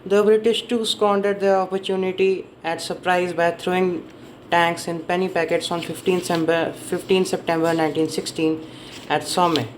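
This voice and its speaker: A man's voice: high voice, level tone, moderate pace, slight background noise, poor audio. A man giving a casual spoken summary of a history book, rambling and often correcting himself as he stumbles over names and dates. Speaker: book reviewer.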